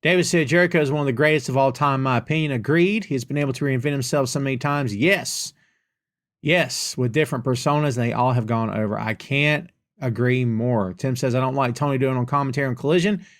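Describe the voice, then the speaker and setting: A middle-aged man hosting a podcast, reading out viewer questions and answering them with playful sarcasm in a relaxed live chat. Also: medium pitch, fairly quick. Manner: reads viewer comments aloud and reacts with playful sarcasm. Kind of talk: casual live-stream chat.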